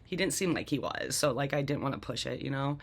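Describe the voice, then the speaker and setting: A woman's voice: rumbling low, lively intonation, fast, gravelly, breathy edge. A woman casually telling her own life story, rambling with many fillers and restarts.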